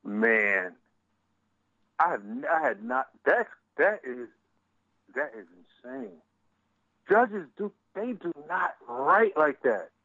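A man's voice: on the high side, sing-song, takes it slowly, long pauses, sharp tone, no echo, highs cut off. A man with a Philadelphia accent, co-hosting a casual chat, profane and rambling. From US Northeast. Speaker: podcast co-host.

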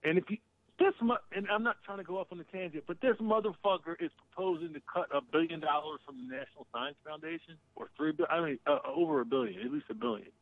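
A man's voice: a little high, expressive, quick pace, gravelly, dry recording. A man calling in as a guest to a casual political talk show, emphatic, swearing and repeating himself. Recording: tinny phone line.

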